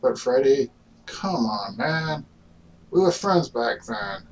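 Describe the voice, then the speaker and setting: A man rambles through a casual, argumentative monologue, stopping often to restart his thoughts with fillers. He talks slowly at a middling pitch. His voice comes from some distance away from the mic. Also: sing-song. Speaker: vlogger.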